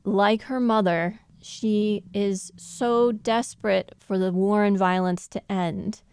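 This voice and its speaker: Smooth-voiced woman co-hosting a podcast. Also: mid-range voice, steady tone, slow, a little mellow, no room sound. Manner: thoughtful, laughs often while explaining. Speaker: podcast co-host. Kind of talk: casual analytical chat.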